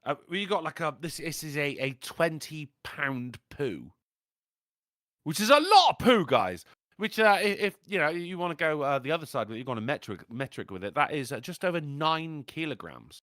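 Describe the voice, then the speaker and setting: A man hosts a casual, crude livestream chat, rambling through stories with animated jokes. His voice is bright and swings up and down a lot. The sound is dry and close. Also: fairly high pitch, moderate pace, no room sound. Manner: rambling, animated, jokey storytelling. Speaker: livestream podcast host.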